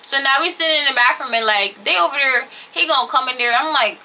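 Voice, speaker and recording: A young woman telling a story in a casual, blunt and profane way, animated as she retells what happened. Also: high-pitched, fast. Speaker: storytelling vlogger.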